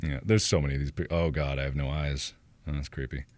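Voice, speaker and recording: A man's voice: a bass voice, steady tone, fast talker, a little mellow, no echo. A man streaming casually, joking and mocking himself as he talks. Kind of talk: casual livestream commentary.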